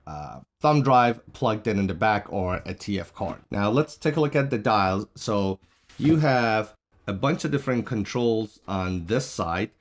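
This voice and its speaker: A man's voice: fairly low pitch, animated, measured pace. A man reviewing a product, casually walking through its features one by one in a plain explanatory way. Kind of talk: casual product demo walkthrough. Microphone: shotgun mic on a stand.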